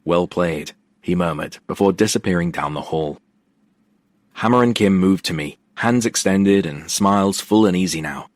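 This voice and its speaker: A man narrating a romance audiobook in the first person, wry and expressive, on a close studio mic. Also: deep voice, normal speed, no room sound.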